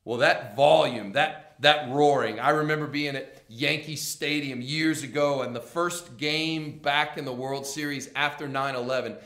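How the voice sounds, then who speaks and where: A man preaching a sermon, swinging from hushed, intense passages to loud, emphatic ones, with casual conversational asides. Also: mid-range voice, steady tone, measured pace, hardly any pauses, roomy sound. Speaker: pastor.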